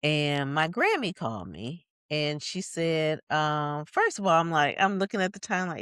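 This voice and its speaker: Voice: mid-range voice, animated, fairly bright tone, clear, resonant tone, no echo, studio quality. Reflective podcast storyteller from Michigan. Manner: thoughtful, lots of fillers, quick narration bursts. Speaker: podcast co-host.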